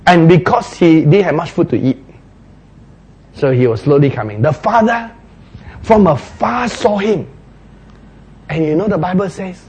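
A man preaching a sermon, retelling a parable with playful, animated storytelling and frequent laughter. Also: on the high side, measured pace, long pauses, slight background noise.

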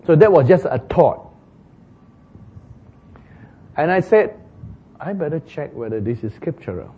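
A man preaching a sermon as a pastor, telling a story and acting out the dialogue with sudden loud shouts. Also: on the high side, big pitch swings, a little slow, a little hiss or hum. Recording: tinny phone-like sound.

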